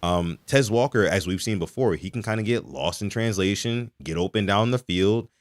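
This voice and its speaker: A young man from Maryland hosting a live sports podcast, reading out donations and chatting with a lively, animated delivery. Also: fairly low pitch, normal speed, no echo, studio quality. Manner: animated, reads donations aloud. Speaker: podcast host. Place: home in Texas.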